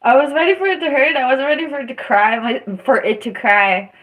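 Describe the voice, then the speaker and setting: A woman's voice: high-pitched, a little fast, highs cut off. A young woman chatting casually on a live stream while in pain and tearful, rambling, laughing through it and groaning. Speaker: livestreamer.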